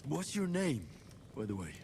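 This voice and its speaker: A man's voice: on the high side, big pitch swings, normal speed, creaky, darkish tone, a little hiss or hum. An actor voicing a wounded young man in a video game, speaking in a tired, plain-spoken way. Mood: weary.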